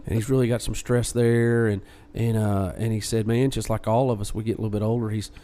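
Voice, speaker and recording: A man co-hosting a podcast, casually retelling a story and acting out what others said in lively quoted voices. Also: fairly low pitch, fairly quick. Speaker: podcast co-host.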